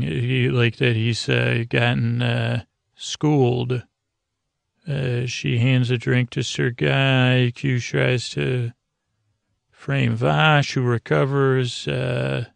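A man hosting a bedtime podcast, recapping an episode in a halting, rambling way full of filler words. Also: mid-range voice, little pitch movement, creaky, no room sound. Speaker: podcast host.

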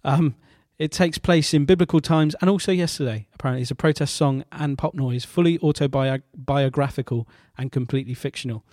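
A man's voice: mid-range voice, brisk, few pauses, a little mellow, dry recording, clean studio sound. A man hosting a music show in a casual way, with a lot of fillers, restarts and wry asides. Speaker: radio show host.

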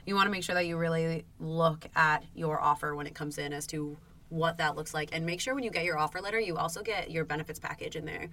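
A woman co-hosting a casual chat podcast, animated and given to acting out what others say. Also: deep voice, quick pace. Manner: animated, acts out quoted bosses. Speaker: podcast co-host.

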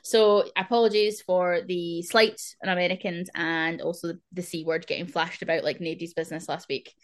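A woman's voice: on the low side, steady tone, fairly quick. Chatty woman podcast host. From Scotland. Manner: chatty, apologetic, uses Scottish slang. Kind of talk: casual chat.

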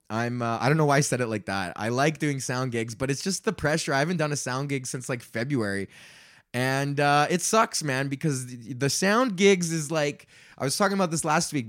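A man hosting his own podcast, ranting casually about poker and sound gigs in a profane, rambling, animated way. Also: a little high. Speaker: podcast host. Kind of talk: casual solo rant.

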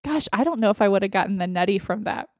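A woman co-hosting a podcast in casual chat, enthusiastic and quick to affirm her friend. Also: mid-range voice, expressive, no echo, studio quality. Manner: enthusiastic, warm listener with frequent affirmations. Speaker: podcast co-host.

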